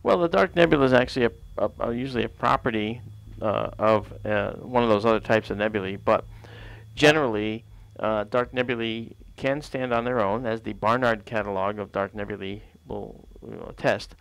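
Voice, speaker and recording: Gravelly man hosting a stargazing stream. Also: on the low side, normal speed, fairly bright tone, dry recording, low-quality recording. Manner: chatty, explanatory, many fillers. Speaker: livestream astronomy host. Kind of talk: casual live-stream talk. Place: outdoors at night by a telescope.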